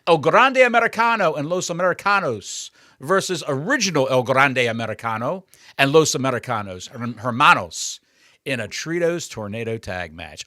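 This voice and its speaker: A man's voice: medium pitch, normal speed, dry recording, studio quality. A man co-hosting a podcast in casual chat, crude and sarcastic as he riffs. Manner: crude, sarcastic, animated riffing. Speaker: podcast co-host.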